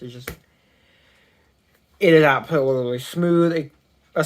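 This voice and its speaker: A tech reviewer giving a casual product review, recorded on a phone, talking in a rambling, halting way with many restarts and self-corrections. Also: mid-range voice, a little hiss or hum. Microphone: phone mic.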